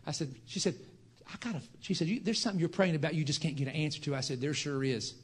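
A preacher man telling a folksy testimony to a congregation, building into shouted fervor. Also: on the high side, fast talker, husky.

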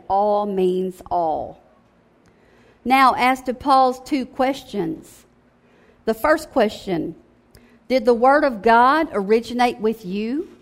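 A woman preaching a sermon in a conversational, emphatic way, often checking in with "okay?". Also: mid-range voice.

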